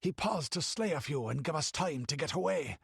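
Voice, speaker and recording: A man's voice: a little high, animated, normal speed, vocal fry, slightly rough, dry recording, studio quality, voice pushed up, heavily acted. A man voicing a hardened buccaneer in an audiobook, panting and breathless.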